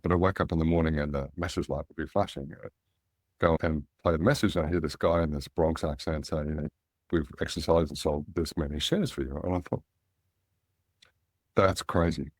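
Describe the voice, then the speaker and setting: A middle-aged Australian man, a guest in an interview, telling relaxed anecdotes and animating the voices of people he quotes. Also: low voice, no echo, clean studio sound. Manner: anecdotal, animated when quoting others. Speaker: guest, angel investor.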